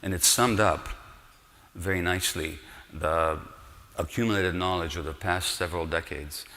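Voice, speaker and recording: Deep-voiced guy doctor giving a talk, earnest and emphatic, long echo in a big hall. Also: moderate pace, pushed and bright. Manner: earnest, explanatory, emphatic with rhetorical questions. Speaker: physician giving a public lecture. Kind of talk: public lecture.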